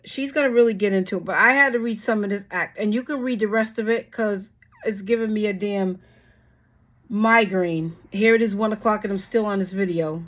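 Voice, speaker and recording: A woman's voice: mid-range voice, a little fast. A woman hosting her channel, reading a bill aloud and cursing at it in exasperated commentary, with frequent sighs and restarts. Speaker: channel host.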